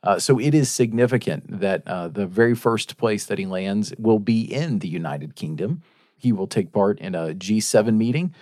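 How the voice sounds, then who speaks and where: Guy hosting a news chat show, lowish voice, reads the stories out, dry close sound. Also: lively intonation, moderate pace, darkish tone, dry recording. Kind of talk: casual news chat, reading stories aloud.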